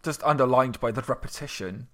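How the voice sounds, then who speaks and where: A man's voice: medium pitch, fairly quick. Hesitant man in casual discussion. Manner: hesitant, stammering starts, then steady reasoning. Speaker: podcast co-host discussing poetry.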